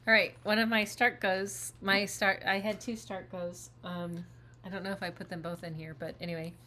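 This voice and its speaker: A woman's voice: mid-range voice, level tone, normal speed, sharp tone. A woman co-hosting a casual chat about her cross-stitch projects, chatty and laughing often. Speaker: co-host.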